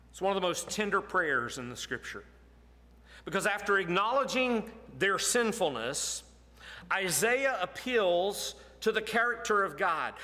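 A man delivers a sermon with earnest, measured phrasing, often dropping low and quiet to drive a point home. His voice sits somewhat high for a man and sounds bright and forceful. The sound rings with the long reverb of a large hall. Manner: earnest, drops low and soft for emphasis, slow deliberate phrasing. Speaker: preacher.

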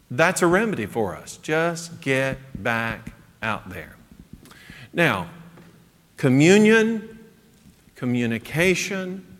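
A man's voice: medium pitch, fairly bright tone. A man teaching a midweek Bible class, conversational, chuckling and asking the class questions, in a church classroom. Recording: echoey hall.

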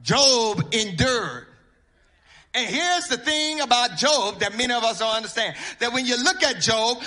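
A man preaching a sermon, half-chanting his lines, repeating words for emphasis and building up to shouts. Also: extremely high pitch, animated, unhurried. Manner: intoning and chanting, rising to shouts.

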